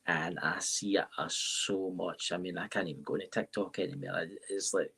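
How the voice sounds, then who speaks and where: A Scottish man with a low, gravelly, husky voice talks briskly and sharply, his intonation fairly even. He's a tarot reader and paranormal podcaster rambling through a live-stream interview, often tacking on "right?", recorded on a live-stream mic.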